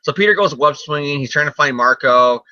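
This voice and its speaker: A man's voice: on the high side, animated, a little fast, pushed and bright, dry recording. A man co-hosting a casual comic review chat, rambling, jokey and swearing often. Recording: dull lo-fi sound, dry.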